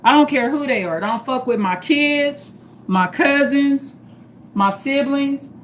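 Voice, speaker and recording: Blunt, high-voiced woman livestreaming. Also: a bit bright, a little hiss or hum. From St. Louis, Missouri, US. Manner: blunt and profane, street-tough. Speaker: livestream host. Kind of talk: casual livestream talk.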